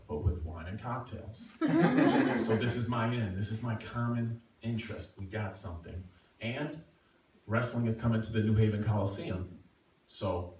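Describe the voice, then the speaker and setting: Brief: middle-aged man, mid-pitched, self-mocking storyteller, recorded far off in a very echoey room. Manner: self-mocking, animated, acting out quotes. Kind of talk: live personal storytelling. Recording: echoey room, far from mic, faint noise.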